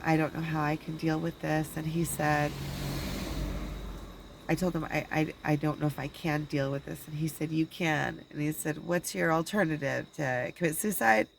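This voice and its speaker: Rambling low-voiced woman talking to camera. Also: level tone, gravelly, background noise. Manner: rambling, halting, with many restarts and quoted dialogue. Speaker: spiritual channeler and video blogger. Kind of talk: casual personal monologue.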